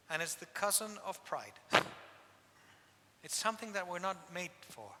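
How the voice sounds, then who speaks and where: A man's voice: high voice, a little hiss or hum. A man, a priest, preaching a sermon at a penitential service, telling stories with emphatic repetition. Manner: emphatic, repeats key phrases, animated storytelling. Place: church. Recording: long church hall reverb.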